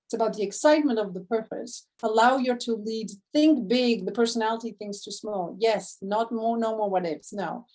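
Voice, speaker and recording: Gushing, high-voiced woman coach. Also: normal speed, few pauses. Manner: enthusiastic and effusive, with sudden gasps and swings between loud and hushed. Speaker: spiritual abundance coach. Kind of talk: motivational live talk to an online community.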